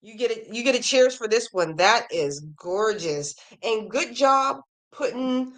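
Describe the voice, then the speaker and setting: A slightly high, somewhat bright woman's voice, animated and unhurried, belongs to a crochet podcast host reading viewers' emails. She's casual and enthusiastic, gushing about their work. Her voice has gone a little worn, as if she's slightly losing it.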